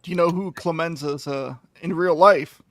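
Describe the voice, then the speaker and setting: A man's voice: on the high side, moderate pace, fairly bright tone, dry recording, studio quality. A man co-hosting a casual chat show, chatty and bantering about movies and food. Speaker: podcast co-host.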